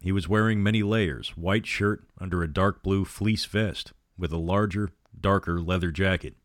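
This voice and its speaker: A man's voice: sits low, steady tone, normal speed, dry recording, clean studio sound. A man narrating a horror novel aloud, reading every character in his own voice. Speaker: storyteller.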